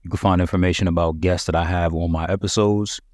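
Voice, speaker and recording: A man's voice: low voice, fairly even intonation, fast talker, a little mellow, no room sound, studio quality. A man hosting a solo podcast, talking to listeners in a conversational, emphatic way. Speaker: podcast host.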